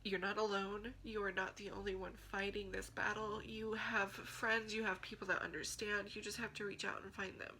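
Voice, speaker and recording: A woman's voice: medium pitch, level tone, normal speed, hardly any pauses, bright, forceful tone, slight background noise, low-quality recording. A woman vlogger giving a heartfelt, earnest talk to camera, pleading and encouraging.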